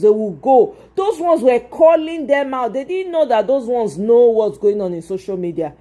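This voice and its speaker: A woman's voice: fairly high pitch, warm tone. A Nigerian woman hosting a livestream, talking back to her chat in Pidgin-flavoured English with an exasperated manner. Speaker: livestream host. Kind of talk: casual livestream commentary.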